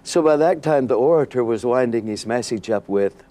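An animated man tells a story as an interview guest, laughing often and acting out the scenes. His pitch is in the middle of the range. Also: moderate pace.

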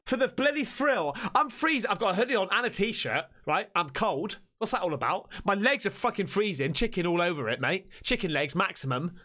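A jumpy man reacting to clips, swearing as he talks back at the screen. His voice swings widely in pitch. The tone is bright. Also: animated, fairly quick, few pauses. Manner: rambling, talks back at the clip. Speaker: reaction video host. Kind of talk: casual reaction commentary.

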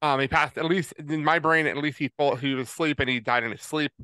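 A man in his forties co-hosting a podcast, halting and choked up, with many pauses and fillers. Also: a little high, steady tone, pushed and bright, smooth, no room sound. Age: 40s. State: tearful, choked up. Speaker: podcast co-host. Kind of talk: casual podcast chat.

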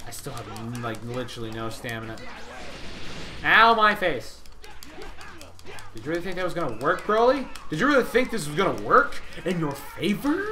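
A young man commentates on his own gameplay with high, bright energy, swinging from mutters to loud shouted taunts at the enemies. His pitch leaps around constantly. Faint game music plays underneath. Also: quick pace, hardly any pauses. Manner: excitable, yelling taunts at enemies. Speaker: gaming channel host.

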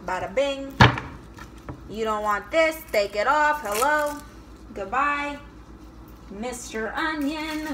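A young woman with a high, bright voice hosts a casual cooking vlog from her home kitchen. She jokes, swears offhandedly and breaks into silly chopping chants. Knife chopping and kitchen noise sit clearly behind her. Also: slow pace, pauses often. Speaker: comedian cooking vlogger.

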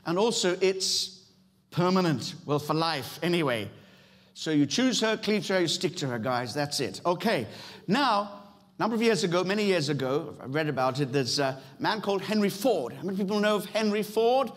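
High-voiced British man preaching a sermon. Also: expressive, moderate pace. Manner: emphatic preaching with repeated phrases and asides to the congregation. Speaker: pastor. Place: church.

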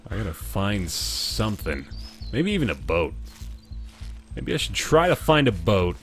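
A man doing live gameplay commentary, joking with chat, thanking viewers and yelling when startled. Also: on the low side. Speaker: gaming livestreamer.

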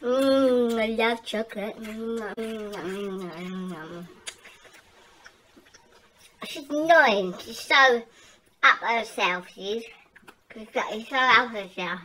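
A woman voicing a sulky, spoiled grown-up female doll that whines and complains in a high, childlike squeak. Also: slow, pauses often. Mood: grumbling. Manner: whiny and complaining. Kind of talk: toy doll role-play. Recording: loud noisy outdoor recording.

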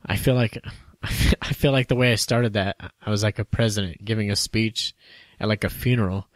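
A man's voice: on the low side, fairly even intonation, moderate pace, dry recording. A man co-hosting a casual podcast, joking around, laughing often and trailing off mid-sentence. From United States. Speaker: podcast co-host. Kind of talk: casual chat.

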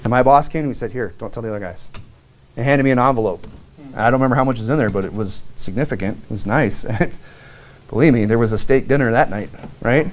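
A man's voice: mid-range voice, fast talker. A middle-aged man, a deacon, preaching a sermon in a loose, conversational way, telling stories from his old jobs and often asking "right?". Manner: conversational, anecdotal preaching with frequent "you know" and "right?". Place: church sanctuary.

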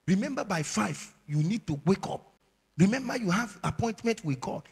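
A man with a Nigerian accent preaching a sermon as an evangelist, moving from low murmurs to shouted warnings. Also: sing-song, moderate pace, gravelly, husky. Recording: long hall reverb.

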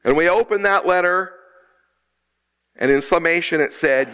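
A middle-aged man, an associate minister, delivering a sermon in a church, slowing down and drawing out key words for emphasis. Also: on the high side, fairly bright tone. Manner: preaching with dramatic pauses and slowed emphasis. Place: church sanctuary.

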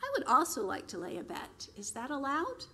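This is a tiny, fearless redheaded teenage girl, as a woman reads her lines, bold and teasing. Her voice sits a little high. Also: wildly swooping pitch, moderate pace, sharp tone, exaggerated voice.

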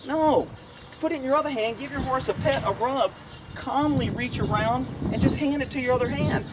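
A man demonstrating horse handling outdoors as a trainer, blunt and folksy, talking gently to his horse between steps. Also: extremely high pitch, moderate pace. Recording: distant camera audio, loud outdoor noise.

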